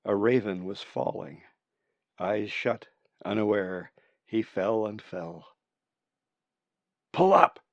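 A man reading his own book aloud as audiobook narration, measured and unhurried. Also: lowish voice, steady tone, gravelly, darkish tone, dry recording, dull audio.

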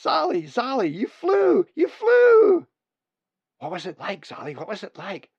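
Man doing shrill, excited raven chicks. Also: fast talker, slightly rough, dry recording, lo-fi sound. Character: squabbling excited raven nestlings.

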